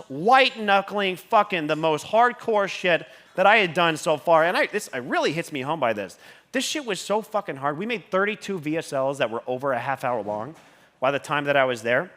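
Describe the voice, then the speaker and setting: Man, motivational stage talk, bright tense voice, profane, animated. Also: a little high, normal speed. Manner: swears constantly, loud surges when excited. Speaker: conference speaker. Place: stage at a conference.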